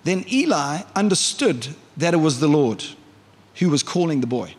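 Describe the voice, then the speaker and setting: A man's voice: a little high, expressive, moderate pace. A male pastor preaching a conversational sermon in church, often asking the congregation questions. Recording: reverberant church hall.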